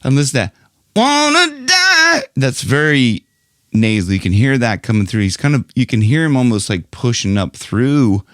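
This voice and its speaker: A middle-aged man teaching singing in a casual, chatty online lesson, who keeps breaking into loud nasal sung demonstrations. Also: medium pitch, fairly quick, dry recording, clean studio sound. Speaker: vocal coach.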